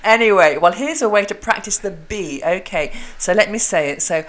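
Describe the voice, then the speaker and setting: A woman who hosts a podcast and teaches English, chatting casually while demonstrating tongue twisters slowly and crisply. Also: medium pitch.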